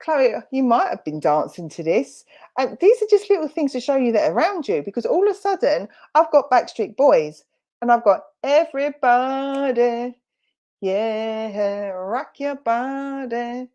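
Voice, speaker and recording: A woman with a Romford accent works as a spiritualist medium during an online church service, heard over a video call. She talks in a chatty, reassuring way, full of fillers and quick self-corrections. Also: a little high, huge pitch swings, warm tone. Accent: Romford, Essex.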